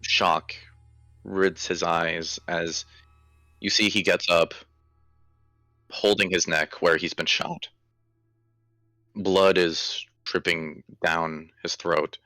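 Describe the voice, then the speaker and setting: A man narrating a horror tabletop game as game master, with slow, deliberate, vivid description. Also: deep voice, level tone, pushed and bright, dry recording, faint music behind.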